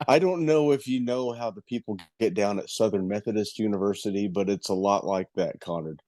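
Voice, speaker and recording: A man's voice: fairly low pitch, brisk, warm tone, no room sound. A man co-hosting a casual sports show stream, tossing out dry wisecracks.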